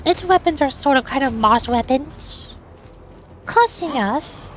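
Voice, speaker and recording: A woman's voice: high voice, animated, measured pace, a little hiss or hum. A young woman streaming a game from home, chatting casually and bubbly, with lots of jokes and squeals.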